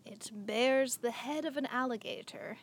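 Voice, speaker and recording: A woman's voice: on the high side, a little slow. A young woman co-hosting a podcast, chatty and giggly, telling a story with lots of filler words. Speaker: podcast co-host. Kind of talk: casual podcast chat.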